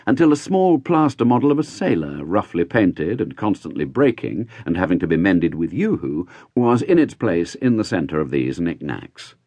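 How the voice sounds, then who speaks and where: A man reading a novel aloud as an audiobook narrator in a wry, measured storytelling manner. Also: deep voice, very animated, dark tone, slightly rough, no echo. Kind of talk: scripted narration.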